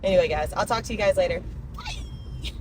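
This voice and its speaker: A woman's voice: fairly low pitch, very fast, background noise. A young woman, chatting emotionally and casually in a personal vlog. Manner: chatty, emotional, talks to her dogs in baby talk. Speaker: vlogger.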